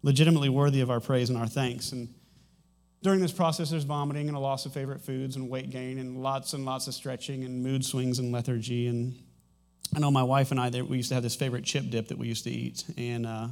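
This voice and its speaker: A man's voice: mid-range voice, little pitch movement, fast, darkish tone. A man in his thirties preaching a sermon as a pastor, talking conversationally with frequent restarts and a light humorous touch.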